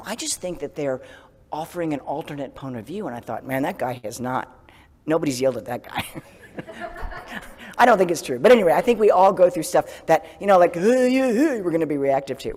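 A man giving a casual sermon as a Zen priest, self-deprecating and laughing often, dropping to a soft whisper for gentle self-talk. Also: a little high, big-room sound.

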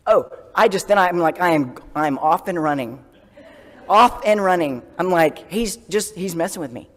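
A man giving a casual sermon as a Zen priest, self-deprecating and laughing often, dropping to a soft whisper for gentle self-talk. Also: on the high side, expressive, moderate pace, big-room sound.

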